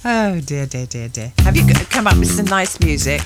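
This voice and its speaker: A woman's voice: fairly low pitch, expressive, normal speed, loud music behind the voice. A middle-aged woman co-presenting a radio show, bantering in a giggly, mock-indignant way. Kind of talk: casual radio chat.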